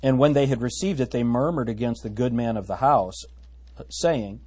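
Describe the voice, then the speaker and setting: A man with a slightly husky voice leads a casual verse-by-verse Bible study. He reads scripture aloud, then drifts into chatty, joking asides. His pitch sits in an ordinary middle range. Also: normal speed, darkish tone. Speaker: Bible teacher.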